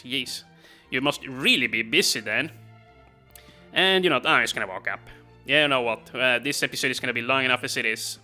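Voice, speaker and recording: Very bright-voiced casual gamer. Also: male voice, mid-range voice, normal speed, soft background music. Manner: rambling, many fillers and chuckles. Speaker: let's play host. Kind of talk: casual gameplay commentary.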